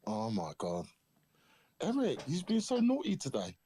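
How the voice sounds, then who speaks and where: A man's voice: medium pitch, huge pitch swings, measured pace, dark tone, breathy edge. A man, amused and holding back laughter in a casual livestream chat.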